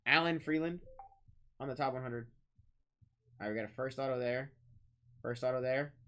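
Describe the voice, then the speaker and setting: A man hosting a live-streamed trading card break, rattling off pulled cards, shouting out big hits and bantering with chat. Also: mid-range voice. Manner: rapid-fire calling of card names, shouting big hits; chatty, teasing banter with chat.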